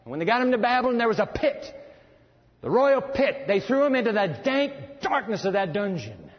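A male preacher delivering a dramatic sermon, swinging between booming lines and hushed ones. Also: sing-song, moderate pace. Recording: lo-fi sound in a long-reverb hall.

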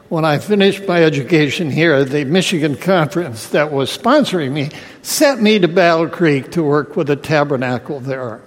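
A man preaching a sermon as pastor, praying and putting rhetorical questions to the congregation. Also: a little high. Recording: long hall reverb.

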